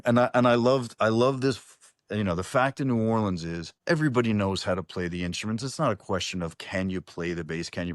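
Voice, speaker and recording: A man's voice: lowish voice, no echo, studio quality. A man talking as a singer-songwriter guest in a casual online interview, rambling and restarting his sentences, calling the host "brother". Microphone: video call.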